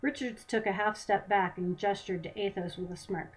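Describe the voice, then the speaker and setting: A woman's voice: medium pitch, normal speed, hardly any pauses, low-quality recording. Woman author reading her novel aloud.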